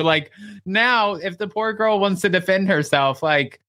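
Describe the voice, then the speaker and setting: Man, host, casual recap chat, slightly high voice, acts out quotes. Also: measured pace. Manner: animated, acts out quotes, swears. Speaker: podcast host.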